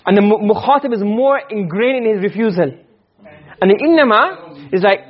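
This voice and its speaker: A man teaching a lecture on Arabic rhetoric, often checking that students follow and reciting Arabic quotations quickly. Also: high-pitched, animated. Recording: dull lo-fi recording.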